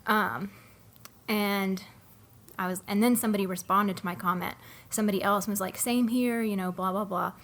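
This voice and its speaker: A young woman co-hosting a podcast, telling a long story in a casual, animated way with many fillers. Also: mid-range voice, normal speed. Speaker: podcast co-host. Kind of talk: casual chat.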